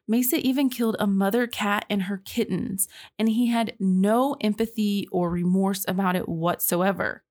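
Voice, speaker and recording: A young woman hosting a true crime podcast, telling the case in a chatty, casual way and reacting with disbelief. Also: medium pitch. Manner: chatty, reacts with sighs and laughs, says y'all.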